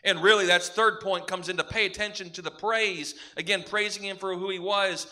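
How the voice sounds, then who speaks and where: This pastor preaches in a strikingly high voice, bright and forceful, keeping a steady tone at a slightly quick pace. He hammers each point home with emphatic, repeated parallel phrases in a classic preaching cadence.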